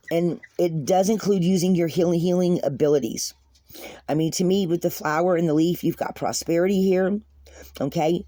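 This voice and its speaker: Woman tarot reader, earnest and rambling, warm mellow voice, dry close sound. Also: deep voice, no echo. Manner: earnest, repetitive, rambling, addresses viewers as guys. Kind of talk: spoken tarot reading to viewers.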